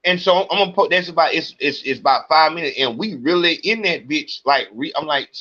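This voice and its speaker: A man hosting his podcast, ranting with heated, profane agitation. His voice sits a bit high and carries a forceful, tense edge. The recording sounds dull and lo-fi. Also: a little fast. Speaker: podcast host. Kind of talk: ranting monologue.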